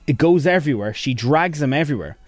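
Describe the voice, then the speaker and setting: A man co-hosting a radio show, chatting and rambling through entertainment news with quick asides. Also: a little high, expressive, no echo. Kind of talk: casual radio chat.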